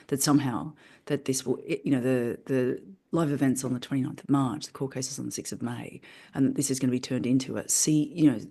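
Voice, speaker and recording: A woman speaking candidly to her coach, rambling and shifting tone quickly. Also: extremely low pitch, dark tone, slightly rough. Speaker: coaching client. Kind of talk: candid personal talk.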